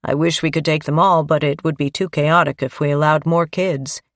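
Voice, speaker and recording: A woman voicing a gentle, soft-spoken male priest in an audiobook, often dropping to a whisper. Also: sits low, steady tone, normal speed, dry recording, clean studio sound, lightly acted.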